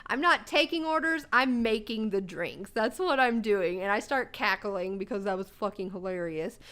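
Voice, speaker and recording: A young woman co-hosting a podcast, telling stories in casual chat, swearing freely and breaking into loud laughter between lines. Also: mid-range voice, lively intonation, normal speed. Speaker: podcast co-host.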